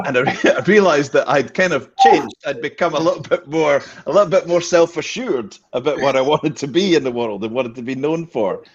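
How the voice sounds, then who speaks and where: A man chatting on a panel show, an animated storyteller who laughs often. His voice sits at an ordinary pitch, and the recording sounds a little dull and muffled. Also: normal speed, a crowd in the background. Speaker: panel guest. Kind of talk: casual chat.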